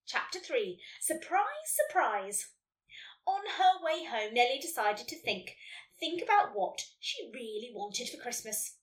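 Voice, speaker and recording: Animated woman narrator for a kids' story read, high bright voice. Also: measured pace. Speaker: podcast host reading a listener story. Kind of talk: storybook reading. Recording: roomy echo, distant mic.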